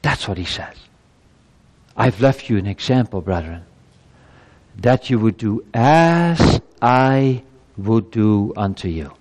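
A male pastor preaching a sermon to his congregation, emphatic and swinging from soft passages to loud exclamations. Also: fairly low pitch, animated, slow, pauses often. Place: church. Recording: long church-hall reverb.

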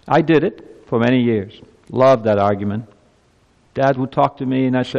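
A man in his fifties preaching a sermon, moving from quiet reflection to loud, urgent appeals. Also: mid-range voice, normal speed, gravelly, lo-fi sound. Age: 50s.

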